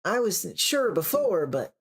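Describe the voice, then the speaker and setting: A reader voicing a calm, motherly older woman who speaks gently and coaxingly. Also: medium pitch, measured pace, breathy edge, voice pushed up. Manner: gentle, coaxing, calls people darling.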